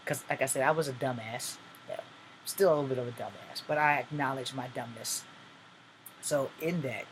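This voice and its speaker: A man's voice: medium pitch, a bit bright, a little hiss or hum, rough recording. A man in his forties from the United States rants to camera in a blunt, profane, rambling way. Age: 40s. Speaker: vlogger. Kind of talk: ranting monologue to camera. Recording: air conditioner humming behind.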